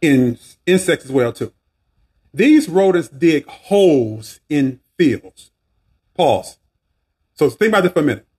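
Husky Southern man preaching on a podcast. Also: a little slow, pauses often. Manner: preachy, animated, swinging pitch, asides and restarts. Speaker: podcast host. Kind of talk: casual faith podcast talk.

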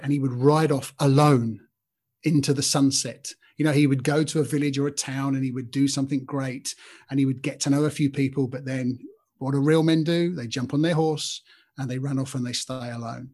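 A man's voice: medium pitch, fairly even intonation, brisk, a little mellow, slightly rough. A man in his fifties hosting a podcast, giving an earnest, informal Christian talk and speaking straight to listeners by name. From Britain. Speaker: podcast host.

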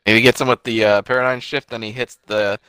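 A man's voice: medium pitch, little pitch movement, quick pace, bright, forceful tone, clean tone, dry recording, poor audio. A young man co-hosting a casual chat, teasing and joking with his friend. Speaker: podcast co-host.

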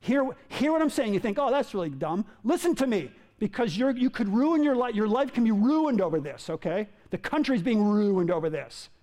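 Animated high-pitched preacher man. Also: normal speed, hardly any pauses. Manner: animated, acts out quotes with big pitch jumps. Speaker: pastor. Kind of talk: sermon. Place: in a room with listeners.

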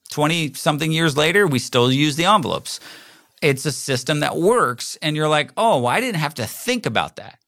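A man's voice: on the high side, lively intonation, a little fast, bright, forceful tone, no echo, studio quality. A man in his forties hosting a solo podcast, talking in a rambling, conversational way and acting out the people he quotes. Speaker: podcast host. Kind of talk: casual solo podcast talk. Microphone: close microphone.

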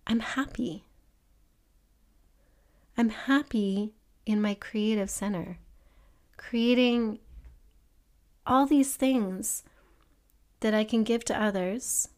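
Woman podcast host, somewhat high voice, earnest and encouraging, reflective solo talk. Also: slow, pauses often. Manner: earnest, gently encouraging, asks the listener questions; acts out an excited child in a higher voice.

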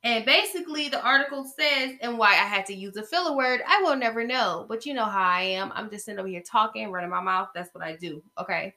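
Bright, sassy woman podcast host. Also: on the high side, animated, fast, few pauses. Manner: chatty, sassy, talks straight to listeners. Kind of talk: casual gossip commentary.

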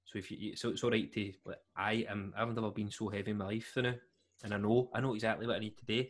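A man's voice: fairly low pitch, little pitch movement, quick pace. Laughing, rambling man. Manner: rambling, laughs often, self-correcting. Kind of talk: casual podcast chat.

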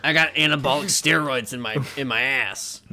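A man voicing a shady male ape hustler with loud, pushy street-dealer patter. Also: mid-range voice, moderate pace.

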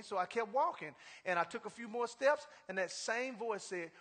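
A middle-aged man preaching in a very high, bright voice that rings with a long reverb through a large hall. He reads scripture with rising emphasis and keeps calling out to the congregation for responses. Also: moderate pace, hardly any pauses. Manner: animated, call-and-response with congregation. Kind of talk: sermon.

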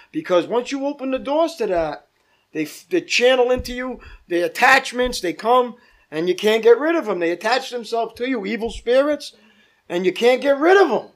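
A male pastor leading a Bible study, teaching emphatically, repeating points and asking the group questions. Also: high voice.

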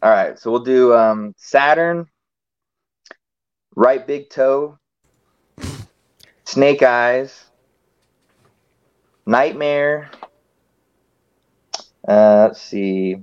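Man, podcast guest, very slow, smooth clear voice, dry close sound, dull lo-fi line. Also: medium pitch, no echo. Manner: slow, deliberate, plain-spoken. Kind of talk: casual chat. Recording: dull, muffled remote line.

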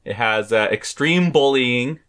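A man's voice: medium pitch, lively intonation, a little slow, fairly bright tone. A man from the United States co-hosting a podcast, talking casually, laughing often and trailing off mid-thought. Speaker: podcast co-host. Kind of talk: casual chat.

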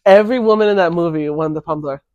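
A man co-hosting a casual podcast, chatting offhandedly about films with quick asides. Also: fairly high pitch, darkish tone, no room sound, muffled recording. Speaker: podcast co-host. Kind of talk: casual chat.

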